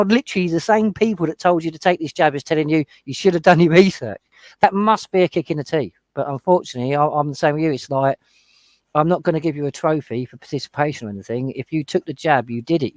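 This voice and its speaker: A man on a panel discussion, talking fast and heatedly as he retells his own run-ins in casual chat. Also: on the high side, no echo. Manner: heated, retelling confrontations with quoted exchanges. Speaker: panel guest.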